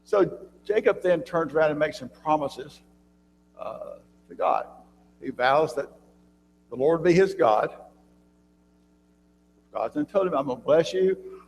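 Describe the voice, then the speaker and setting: Gravelly man teaching a church Bible class. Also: a little high, animated, measured pace, long pauses. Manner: conversational, quizzes the class with questions; frequent throat clearing and restarts. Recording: reverberant church room with faint hum.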